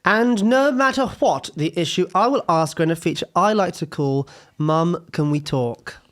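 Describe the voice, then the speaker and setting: A man's voice: high-pitched, moderate pace, a bit bright. A young man hosting a casual podcast with his mother, playful and jokey. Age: young adult. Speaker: podcast host. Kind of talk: casual chat.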